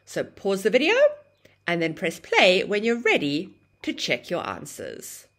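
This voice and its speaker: A woman teaching an online English grammar lesson, explaining with a lively, sing-song intonation. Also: medium pitch, unhurried.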